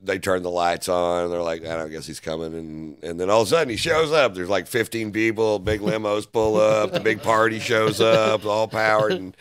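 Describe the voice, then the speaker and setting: A man's voice: on the low side, steady tone, moderate pace, few pauses, a bit bright, clean tone, no echo. A man, a comedian, telling a loose, profane story in a casual interview. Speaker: comedian guest. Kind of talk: storytelling anecdote.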